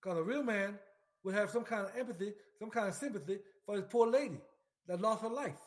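A man's voice: sits high, a little fast. A man, a military veteran, ranting in emphatic political commentary, repeating himself, swearing and firing questions straight at the listener. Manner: emphatic, repetitive, profane, lots of direct questions at the listener.

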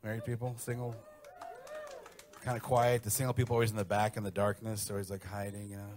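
A middle-aged man doing a stand-up set with brash, profane, animated storytelling. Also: lowish voice, fast, slight background noise. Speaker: stand-up comedian.

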